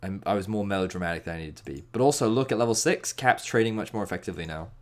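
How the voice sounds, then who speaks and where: Animated man breaking down game footage. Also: on the low side, very fast. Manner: animated, emphatic, playful asides. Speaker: esports analyst. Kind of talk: game review commentary.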